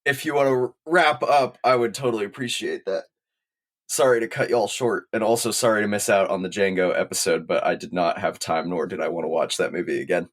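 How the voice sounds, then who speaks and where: A man's voice: lowish voice, brisk. A man co-hosting a podcast in a studio, chatting in a casual, jokey way. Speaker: podcast co-host. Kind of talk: casual chat.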